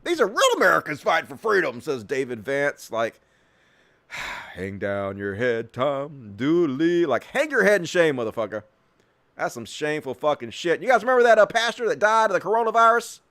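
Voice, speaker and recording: A male host giving profane, sarcastic political commentary, swinging between mutters and yells. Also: fairly high pitch, very animated, fast talker, gravelly.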